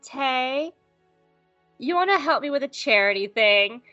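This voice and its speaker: A woman voicing a cool, secretive female senator who talks in a hushed, insistent, teasing way, on a dull lo-fi recording. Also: sits high, expressive, measured pace, no room sound, soft background music, voice pushed up, exaggerated voice. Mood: scheming.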